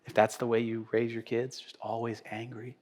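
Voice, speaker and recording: A male pastor preaching a sermon in a church sanctuary, conversational, swinging from loud emphasis to quiet asides. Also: mid-range voice, little pitch movement, normal speed. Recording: echoey church hall.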